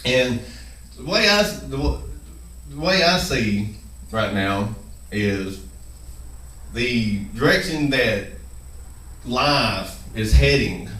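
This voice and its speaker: A man's voice: fairly low pitch, fairly bright tone, reverberant, distant mic, rough recording. A man hosting his own video channel, speaking nervously while chewing gum, with many fillers and restarts. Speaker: channel host. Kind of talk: nervous first-video monologue.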